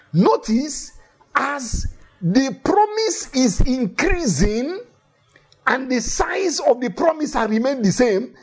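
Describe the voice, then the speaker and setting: A man's voice: very high-pitched, husky. A man preaching a sermon in an emphatic way, repeating key phrases for effect and telling Bible stories with animation.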